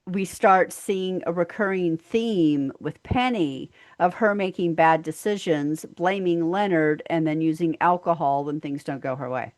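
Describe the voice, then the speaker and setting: A woman co-hosting a podcast, casually recapping a sitcom episode and telling it like an animated storyteller. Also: lowish voice, unhurried, few pauses, dry recording. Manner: animated storyteller who acts out lines in a raised voice. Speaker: podcast co-host.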